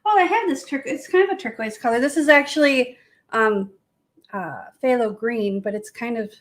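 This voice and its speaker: A woman's voice: high-pitched, animated, fairly quick, poor audio. A woman hosting a live painting demo, chatty and laughing easily as she works. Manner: chatty, laughs often, self-teasing. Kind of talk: casual live-stream demo chat.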